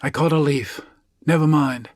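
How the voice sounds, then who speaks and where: A man's voice: a little high, steady tone, moderate pace, darkish tone, no room sound, natural voice. A man doing an earnest young woman student.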